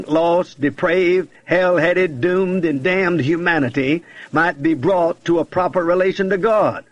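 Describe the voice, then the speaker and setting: A man preaching a radio sermon in an oratorical, emphatic way, piling up lists of words. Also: a little high. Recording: dull lo-fi radio broadcast.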